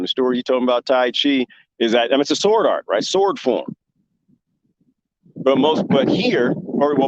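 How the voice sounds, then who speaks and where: A man's voice: mid-range voice, highs cut off, a little hiss or hum. A man hosting a talk show in casual commentary, passionate and rambling as he makes his point. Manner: impassioned, rambling, with lively imitated quotes. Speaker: show host.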